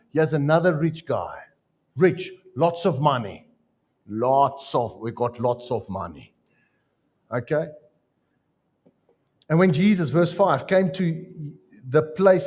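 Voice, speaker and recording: South african guy preaching, joking around in his stories, voice a bit on the high side. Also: measured pace, long pauses. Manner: storytelling, joking, animated asides. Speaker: pastor. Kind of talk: sermon.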